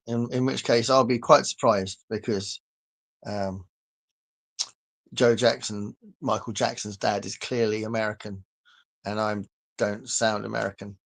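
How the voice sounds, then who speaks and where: A man's voice: mid-range voice, gravelly, fairly bright tone. Chatty man with a southern English accent. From southern England. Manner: chatty, rambling, answers viewer comments, laughs often. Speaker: livestream host reading comments. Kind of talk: casual chat.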